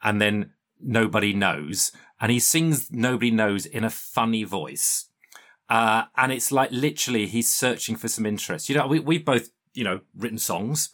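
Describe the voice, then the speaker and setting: A man's voice: mid-range voice, moderate pace, fairly bright tone. A man co-hosting a casual music chat, wry and emphatic, poking fun at himself. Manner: wry, self-deprecating, emphatic. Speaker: podcast co-host.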